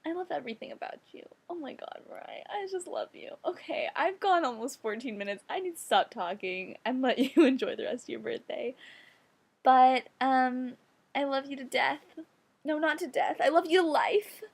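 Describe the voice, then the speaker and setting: A woman's voice: high voice, moderate pace, gravelly, breathy edge. A young woman in her late teens speaking a gushing, heartfelt birthday message to a friend, full of filler words. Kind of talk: casual heartfelt monologue.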